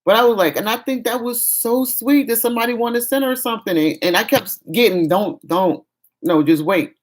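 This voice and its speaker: A woman's voice: a little high, quick pace. A middle-aged woman, venting frankly in a casual vlog chat. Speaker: vlogger.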